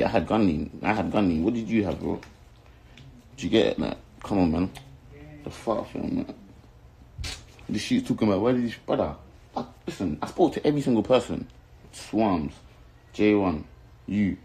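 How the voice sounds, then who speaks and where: A young man from London, England, a rapper with a South London accent, rants angrily to camera, swearing, insulting, and repeating himself. His low voice is creaky, dark, and husky, captured on a low-quality recording.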